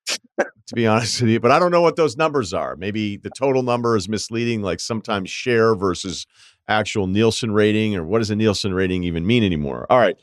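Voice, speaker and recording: Middle-aged male podcast host, low register, wry rambling delivery, dry studio mic. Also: expressive, brisk, dry recording. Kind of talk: casual chat.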